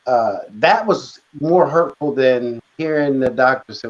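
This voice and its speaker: A man's voice: mid-range voice, lively intonation, unhurried, muffled recording. A man being interviewed about his heart attack recovery, speaking hesitantly and reflectively, with many filler words. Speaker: guest author. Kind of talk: conversational interview.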